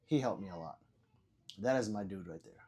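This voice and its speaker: An older man runs a livestream, reading the chat aloud in a rambling, profane way. He stammers and repeats himself, lurching from loud outbursts to quiet mutters, and his delivery is expressive and fairly quick with a breathy edge.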